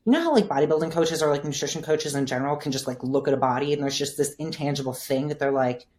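A woman physical therapist and coach, talking through her thinking in a relaxed podcast interview, filling her speech with "like.". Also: deep voice, fast talker. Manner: thoughtful, explanatory, frequent "like" fillers.

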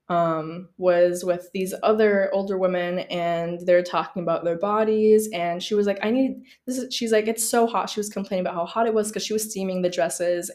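A woman's voice: on the low side, a little mellow. A woman hosting her own podcast, talking in a casual, earnest and heartfelt way. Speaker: podcast host. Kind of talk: casual solo podcast talk.

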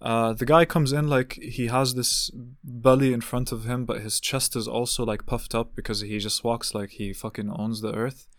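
A man's voice: medium pitch, fairly even intonation, moderate pace, few pauses, dry recording, studio quality. A young man telling a long story about a family phone call in a casual, frustrated rant, swearing often and restarting his sentences. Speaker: vlogger recounting a family call. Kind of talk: casual ranting monologue.

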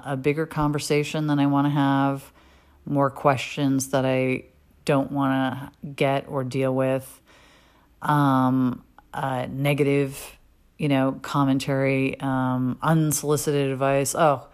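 A woman with a low-pitched voice talking in a candid personal monologue. She is middle-aged and blunt, swearing without hesitation, and circles back with plenty of ums and restarts. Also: creaky. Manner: frank and profane, with many fillers and restarts. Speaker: podcast host.

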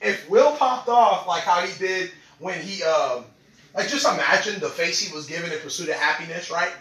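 A man's voice: high-pitched, animated, normal speed, a bit bright. A young man hosting a casual solo podcast, rambling in slang and laughing often. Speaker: podcast host. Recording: echoey room, away from the mic.

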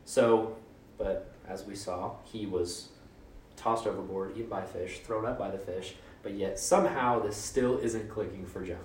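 A man's voice: on the low side, fairly even intonation, moderate pace, darkish tone, a little hiss or hum. A man giving a casual, conversational sermon, informal and joking, with mock voices for quotes. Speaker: preacher. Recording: roomy echo, mic at a distance.

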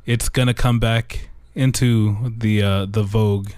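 A man with a smooth, clear voice, bantering casually on a podcast. He jokes in a relaxed, drawn-out way. The recording is dry and close. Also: lowish voice, dry recording. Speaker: podcast co-host. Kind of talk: casual chat.

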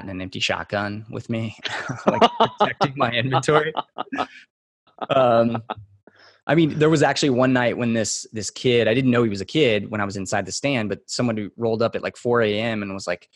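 A man from Texas talks as a podcast guest, loose and unhurried. His voice sits on the low side and he leans on fillers while he restarts his sentences. The recording is dry, with no room sound. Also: no room sound. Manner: relaxed and rambling, with many fillers and restarts. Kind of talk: casual storytelling in a podcast interview.

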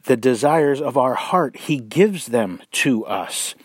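A man preaches in a slow, measured delivery, leaning hard on words for emphasis. He is blunt and mocking, with sarcastic asides. The sound is close and dry, with no room around it. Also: mid-range voice, animated, breathy edge, dry recording. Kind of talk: sermon-style commentary.

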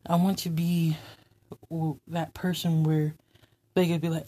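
A woman with a low, dark, husky voice delivers a heartfelt, faith-based monologue as host. She speaks slowly and earnestly, with tender passages that sink into a soft whisper. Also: little pitch movement. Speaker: host of an inspirational talk segment.

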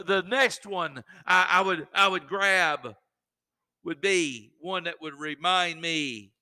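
Fervent high-voiced male preacher. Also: bright, forceful tone. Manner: fervent, exhorting preaching with folksy asides. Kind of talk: sermon.

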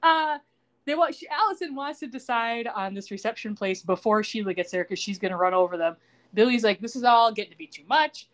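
Here a woman's slightly high voice moves at a fairly quick clip. Hosting a podcast, she casually walks through a TV episode recap, acting out quoted lines from the characters in an animated way.

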